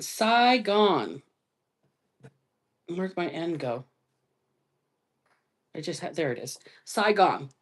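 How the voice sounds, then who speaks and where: A woman hosting a live stream psychic reading, talking slowly and musingly and spelling out letters as she goes. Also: on the low side, big pitch swings. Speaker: psychic reader.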